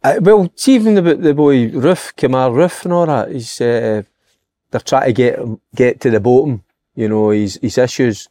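A man's voice: medium pitch, normal speed, dark tone, no room sound. A Scottish man on a football podcast panel, chatting casually with a hesitant, filler-heavy way of talking.

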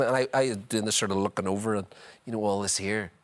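Animated man telling stories. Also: fairly low pitch, fast talker. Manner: chatty, leans on "you know", acts out scenes. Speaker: guest, former footballer. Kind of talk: animated anecdotal storytelling.

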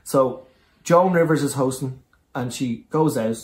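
A man from Ireland, a comedian guest telling anecdotes in casual chat, animated and swearing freely. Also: medium pitch, a little slow. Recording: echoey room.

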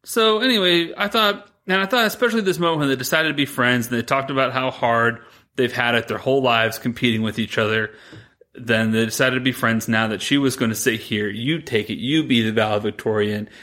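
A man co-hosting a podcast, retelling a movie plot in a rambling, animated way, quoting the characters as he goes. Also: medium pitch, fairly quick. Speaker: podcast co-host. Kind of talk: casual chat recapping a movie.

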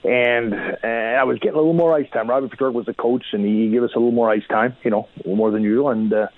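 A man calling into a radio show as a guest and telling animated stories about his hockey career, often acting out what he and others said. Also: medium pitch, fast, no echo. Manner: animated, quotes himself often. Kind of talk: casual storytelling. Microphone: phone call. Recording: tinny dry phone line.

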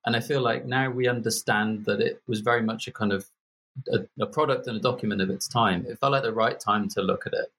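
Man, 40s, from Birmingham, husky low voice, rambling casual podcast guest. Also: steady tone, fairly quick, a bit bright. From Birmingham, England. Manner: rambling, many fillers and restarts.

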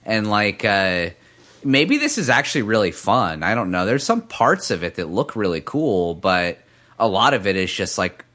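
Low-voiced man, hesitant and laid-back. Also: sing-song, moderate pace, fairly bright tone. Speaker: podcast co-host. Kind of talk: casual gaming chat.

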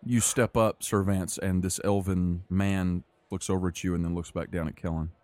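Game master, male, deep and mellow, calm descriptive narration, dry mic. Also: normal speed, no room sound.

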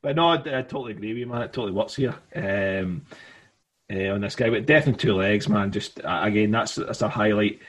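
A man's voice: fairly low pitch, a little fast, a bit bright, slightly rough. A man hosting a casual music podcast, rambling with many fillers and restarts.

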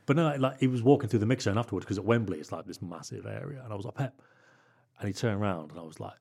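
A man talks quickly in a slightly low voice, telling football stories in a loose podcast chat. His delivery rambles, padded with "like" fillers. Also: a little mellow, breathy edge. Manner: rambling anecdotes with many "like" fillers. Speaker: football club correspondent.

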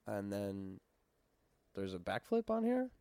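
A woman playing a casting director in an improv comedy scene, with a dry, deadpan delivery. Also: rumbling low, takes it slowly, clean tone, no echo.

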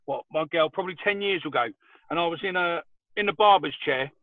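A man's voice: fairly high pitch, fairly quick, no echo. A man co-hosting a podcast, telling rowdy anecdotes and swearing freely. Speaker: podcast co-host. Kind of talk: casual chat. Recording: tinny phone line.

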